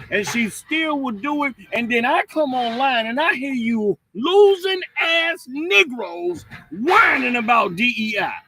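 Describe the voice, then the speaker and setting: A man hosting a livestream, ranting in a blunt, profane and mocking way, with swings between loud and quiet. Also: very high voice, vocal fry, slight background noise, rough recording. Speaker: livestream host. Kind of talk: heated livestream rant.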